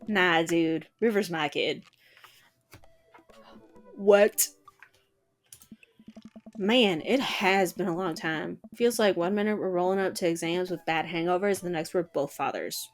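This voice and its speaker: A woman's voice: on the low side, measured pace, pauses often, faint music behind, natural voice. A woman voicing a laid-back, sporty young father who talks like an easygoing bro. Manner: easygoing surfer-bro drawl.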